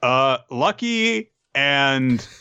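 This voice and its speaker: A man's voice: medium pitch, sing-song, very slow, bright, forceful tone, smooth, dull audio. A man co-hosting a podcast, chatting casually about a manga with a dry, filler-heavy delivery. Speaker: podcast co-host. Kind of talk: casual chat recapping a manga.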